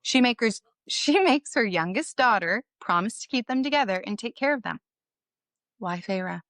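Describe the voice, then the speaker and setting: A woman's voice: on the high side, expressive, normal speed, fairly bright tone, no echo, studio quality. A woman co-hosting a book podcast, chatting casually and curiously, swearing now and then. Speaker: podcast co-host. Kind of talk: casual book discussion chat.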